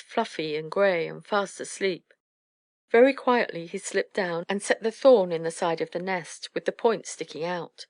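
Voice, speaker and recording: A woman narrating a children's storybook in a gentle, measured way. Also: lowish voice, dry recording, clean studio sound. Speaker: audiobook narrator.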